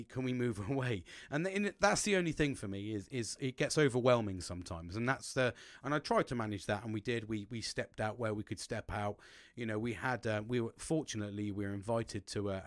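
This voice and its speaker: Middle-aged male host, casual rambling monologue, frequent swearing, mid pitch, dry close mic. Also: a little fast, no room sound. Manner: rambling, swears a lot, animated swings in pitch. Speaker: podcast host.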